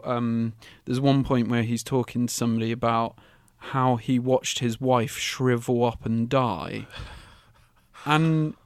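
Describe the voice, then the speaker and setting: A man's voice: medium pitch, no room sound, clean studio sound. A young man co-hosting a podcast, chatting casually and steering the discussion with firm opinions. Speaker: podcast co-host. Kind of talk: casual chat.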